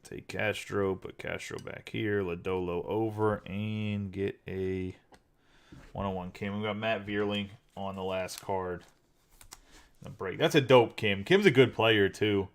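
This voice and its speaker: A man hosting a live card break, chatting casually and rattling off names quickly. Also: fairly low pitch, fairly even intonation, creaky.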